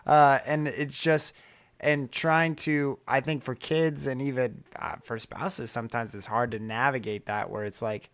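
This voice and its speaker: A man co-hosting a podcast in casual chat, loud and passionate, rambling with many restarts. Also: mid-range voice, steady tone, measured pace, clear, resonant tone. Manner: loud, self-described passionate talker. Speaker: podcast co-host and coach.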